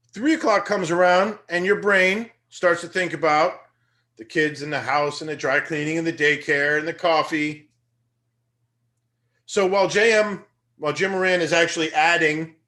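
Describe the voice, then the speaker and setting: A young man, a teacher, giving a conversational and energetic motivational lecture that rises into emphatic bursts. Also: fairly high pitch.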